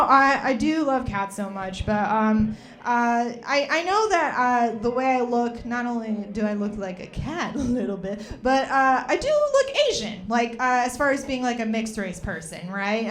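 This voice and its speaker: A young woman doing stand-up, rambling and chatty and packed with fillers. Her voice sits a bit high and bounces around a lot, as if she is riffing live. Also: fairly bright tone. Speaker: stand-up comedian. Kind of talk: stand-up comedy set.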